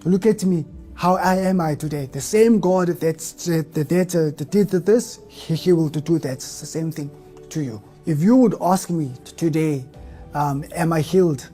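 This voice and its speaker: A man's fairly high, mellow voice moves at a measured pace as he gives a personal church testimony, soft music behind him. He speaks earnestly and emotionally despite a heavy stutter on word openings, with moments of fervent outburst.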